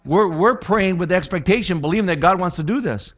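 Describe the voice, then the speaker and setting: A man's voice: high voice, a little fast, a bit bright, highs cut off. A pastor giving a sermon in a conversational way, joking and often asking his listeners "right?". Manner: conversational preaching with jokes and repeated questions. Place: church.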